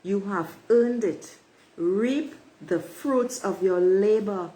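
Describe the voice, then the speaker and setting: Slow, emphatic woman reading oracle cards. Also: mid-range voice, dark tone, low-quality recording. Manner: emphatic, repeats affirmations, addresses listeners as beautiful souls. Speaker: oracle card reader. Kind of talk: spiritual card reading to viewers.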